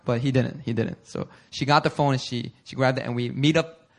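A male pastor telling a personal story in a sermon, animated and conversational, often laughing. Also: mid-range voice, a little fast, vocal fry. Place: church service before a congregation.

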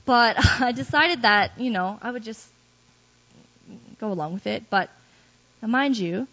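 Brief: woman, slightly high voice, candid self-deprecating church testimony, muffled lo-fi recording. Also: measured pace, fairly bright tone. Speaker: guest speaker giving testimony. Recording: dull lo-fi recording.

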